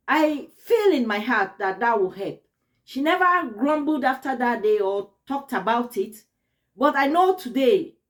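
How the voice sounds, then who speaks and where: A woman vlogger shares a personal story straight to camera. Her voice sits high, and she speaks in an earnest, expressive, emotional way.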